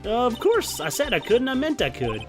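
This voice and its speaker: A man's voice: very high voice, wildly swooping pitch, over music, pitched above the performer's own voice, exaggerated voice. Man doing a Southern woman, put-on drawl, folksy, brash, game witness. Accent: put-on American Southern. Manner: folksy drawl, deliberately bad accent.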